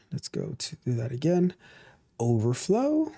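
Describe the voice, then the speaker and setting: Reading a news story live on his tech stream, a man keeps repeating himself and muttering complaints at the web page, as if talking to himself. He speaks at a moderate pace in an animated, slightly high voice with a dark tone.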